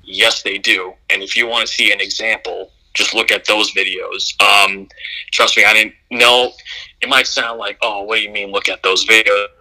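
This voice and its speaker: A man's voice: lowish voice, flat delivery, moderate pace, bright, forceful tone, rough recording. A man in a casual podcast discussion, talking in an emphatic, blunt way with slang and swearing. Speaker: podcast co-host.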